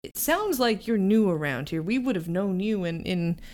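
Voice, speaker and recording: A woman's voice: medium pitch, expressive, moderate pace, a little mellow, natural voice. A woman voicing a small, formal male cockroach in a tabletop game, speaking in a prim, mannered way. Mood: reverent. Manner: prim, mannered, reverent speech.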